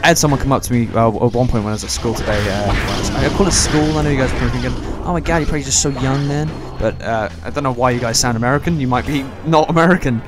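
A man's voice: medium pitch, very fast, hardly any pauses. Rambling young man gaming, music behind. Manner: rambling, joking, swearing. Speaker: gameplay commentator. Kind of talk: casual let's play commentary. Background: game music.

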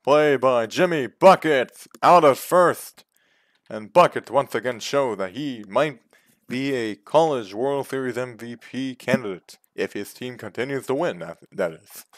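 A man giving play-by-play commentary on a video game baseball league, calm between pitches and yelling on big hits. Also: dry recording. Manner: jumps from calm calls to loud excited yells.

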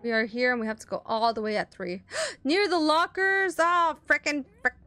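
A woman's voice: fairly high pitch, animated, a little fast, pushed and bright, dry recording. A young woman gaming streamer giving casual let's play commentary, playful and self-mocking, with frequent exclamations.

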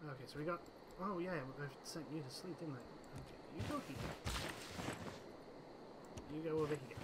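A man's voice: a little high, moderate pace, very noisy. A man giving casual let's-play commentary, chatting to his units and himself over game music. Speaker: gaming channel host.

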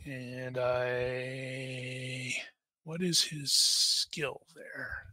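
Slow, bright-voiced male game master. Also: mid-range voice, steady tone, no echo. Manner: thinking aloud, wry asides. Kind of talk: running a tabletop game.

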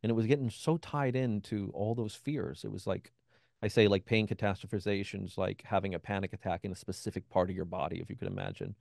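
Gravelly low-voiced man telling a story. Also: steady tone, quick pace, darkish tone, no echo, clean studio sound. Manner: acts out quoted voices of others; frequent "you know" and restarts. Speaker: interview guest, benzodiazepine withdrawal expert. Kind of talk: conversational personal storytelling.

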